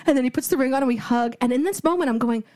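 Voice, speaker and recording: A woman in her thirties telling a long story in casual chat, animated and swearing freely, acting out what people said. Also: sits high, rapid-fire.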